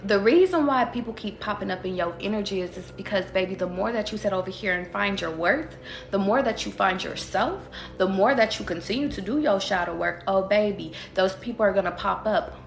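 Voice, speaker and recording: A tarot reader gives her livestream viewers a casual pep talk, swearing freely, speaking with emphasis, and firing off rhetorical questions. Her mid-range voice is brisk and gravelly. The room echoes, with slight background noise.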